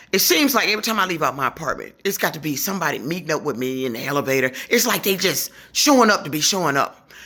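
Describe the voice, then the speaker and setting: A woman's voice: low voice, bright, forceful tone. A woman telling a long, rambling, profane story about her grievances in a casual vlog from her apartment. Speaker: vlogger.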